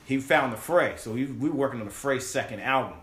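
In an echoey room with slight background noise, a fast-talking man of medium pitch tells a story as a podcast guest in a casual chat. He's animated, swears freely, and acts out the voices of the people he quotes.

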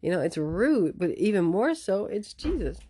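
A woman's voice: medium pitch, moderate pace, slightly rough, no echo, clean studio sound. A woman hosting a casual commentary vlog, talking emphatically and restarting her sentences often. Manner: emphatic, animated, with many restarts. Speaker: host.

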